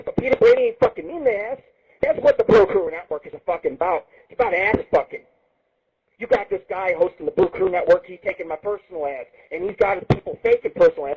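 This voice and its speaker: Boastful high-pitched guy hosting a webcast, ranting, sound's dull and lo-fi. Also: vocal fry, husky. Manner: boastful, crude, taunting. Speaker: internet radio show host. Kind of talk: profane ranting monologue. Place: Las Vegas.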